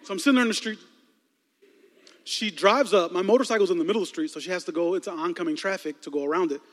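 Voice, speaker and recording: A man's voice: sits high, fast. A man, a youth pastor, telling a story with lots of humor and energy during a sermon in a church. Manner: animated, lively storytelling with laughs. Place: large church auditorium. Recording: long reverb of a large hall.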